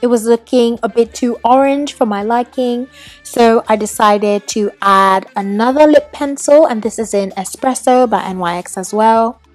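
A woman's voice: a little high, normal speed, faint music behind. Young woman in a put-on British accent. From Trinidad. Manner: chatty and gushing. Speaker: beauty vlogger. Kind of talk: makeup tutorial voiceover.

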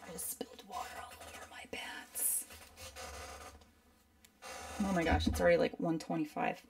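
A female art instructor chats casually through a live painting demo, rambling and saying "like" constantly. Her low voice is creaky and warm, and she's recorded from a distance.

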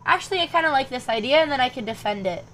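A young woman with a slightly high voice talks through her chess moves as she streams. She mutters lines and calculations to herself, then turns to chat with her viewers in louder, animated bursts. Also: very fast, slight background noise. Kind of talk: thinking aloud while playing chess online.

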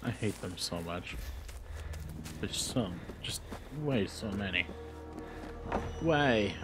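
A man's voice: on the low side, lively intonation, takes it slowly, over music. A young man streaming a game, talking to himself in a rambling, jokey, profane way. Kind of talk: casual gaming commentary.

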